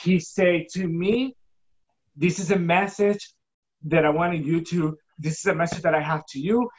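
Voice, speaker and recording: A guest giving an emotional personal testimony, halting and repeating words for emphasis, acting out remembered dialogue. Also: steady tone, lo-fi sound. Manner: acts out quoted dialogue with shifting pitch. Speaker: guest telling a personal story.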